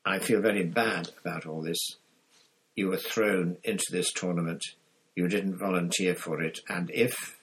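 A man voicing a jittery, ingratiating middle-aged wizard official who keeps lowering his voice to confide, in an audiobook reading. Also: unhurried, gravelly, fairly bright tone, breathy edge, full character voice, low-quality recording. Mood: coaxing.

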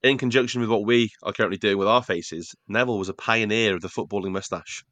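Young male podcast co-host from North Wales, lowish voice, storyteller who acts out quotes. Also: steady tone, fast talker, a bit bright, no echo. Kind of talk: casual chat.

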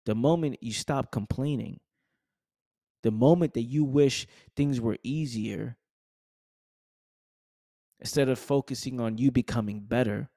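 A man's voice: mid-range voice, a little slow, pauses often, dark tone, no room sound, clean studio sound. A man hosting a podcast, giving a passionate motivational monologue full of slang and repetition. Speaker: podcast host.

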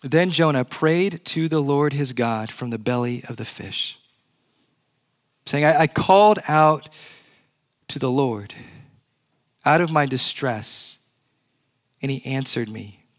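A male pastor preaching a sermon in a church, earnest, slowing and dropping to a hush on key words. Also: mid-range voice, expressive.

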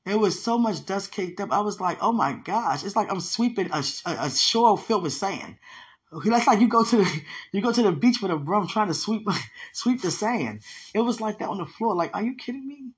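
A woman's voice: medium pitch, expressive, normal speed. A woman preaching in an emphatic, conversational way, teaching from a dream with repeated phrases. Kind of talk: sermon-style teaching about a dream.

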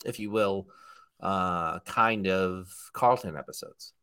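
A man co-hosting a casual podcast, animated and jokey, who likes to drop into silly voices. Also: low-pitched, takes it slowly, clean tone. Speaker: podcast co-host.

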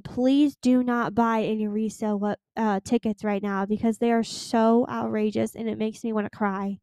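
A woman's voice: a little high, a little mellow, no room sound. A teenage girl hosting her own podcast, chatting casually and pleading earnestly with her listeners. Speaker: podcast host. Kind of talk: casual solo podcast chat.

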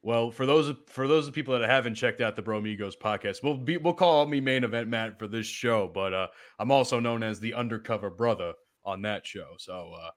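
A man's voice: mid-range voice, fairly quick, few pauses, dry recording, clean studio sound. An American man guesting on a casual podcast, friendly and goofy in his chat.

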